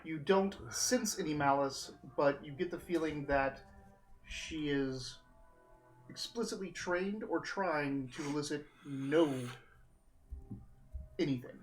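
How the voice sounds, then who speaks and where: A man with a voice on the high side runs a live tabletop game as game master, describing scenes and often pausing on "uh" as he recalls names. Soft background music plays, and the audio is poor.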